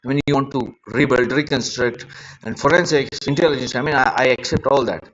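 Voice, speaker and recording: A man's voice: mid-range voice, a little fast, a bit bright, muffled recording, a little hiss or hum. A man rambling in an unscripted live-stream monologue, agitated and emotional, repeating himself as he talks into a phone.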